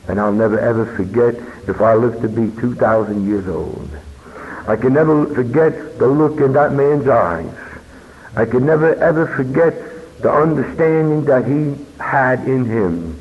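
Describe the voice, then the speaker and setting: A man telling his personal recovery story as a meeting speaker, earnest and unhurried, with emphatic pauses. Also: medium pitch. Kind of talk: personal testimony talk. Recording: dull lo-fi recording with long hall reverb.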